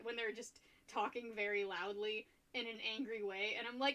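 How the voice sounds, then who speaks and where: A young woman streaming while she paints, chatting casually, rambling and laughing often, and getting loud when excited. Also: on the high side, brisk.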